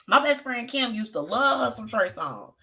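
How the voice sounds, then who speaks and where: Sassy bright-voiced woman host. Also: a little high, very animated, moderate pace. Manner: sassy, chatty, talks straight to listeners. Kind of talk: live show gossip commentary.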